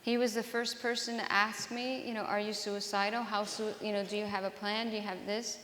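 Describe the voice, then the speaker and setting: A woman telling her own story to an audience in an earnest, halting way, often restarting her sentences. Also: medium pitch, flat delivery, a bit bright, a little hiss or hum. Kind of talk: personal testimony talk to an audience. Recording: roomy hall with long reverb.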